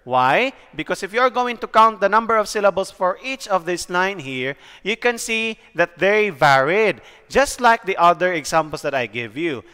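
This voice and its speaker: A young man with a Cebuano Filipino accent giving a recorded lecture to his students, explaining slowly and often checking in with "okay?". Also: high voice, expressive, pushed and bright, clear, resonant tone, big-room sound. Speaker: teacher.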